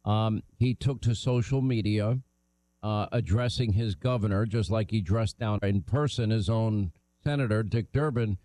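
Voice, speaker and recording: A middle-aged man hosting a talk radio show, brisk and opinionated as he interviews a guest. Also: lowish voice, dark tone, no echo, low-quality recording.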